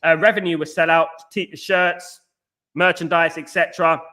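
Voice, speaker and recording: Animated man with a bright, high voice. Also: normal speed. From East London. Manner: animated, argumentative, repeats "at the end of the day"; addresses chatters by name. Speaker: podcast host reading live chat. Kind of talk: casual live-stream commentary.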